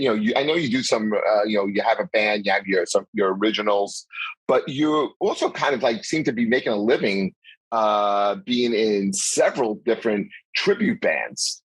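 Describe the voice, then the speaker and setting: Husky-voiced stammering podcast host man. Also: medium pitch, fairly bright tone, dry recording, rough recording. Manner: stammering, restarting and laughing often. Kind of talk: casual podcast chat.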